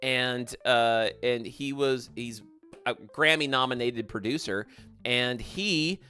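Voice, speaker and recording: Male game streamer, chatty and upbeat, bright forceful tone, light music playing underneath. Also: mid-range voice, takes it slowly, smooth. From American South. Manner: chatty, upbeat, thanks viewers by name. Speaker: livestream gaming host. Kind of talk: casual livestream chat reading viewer comments.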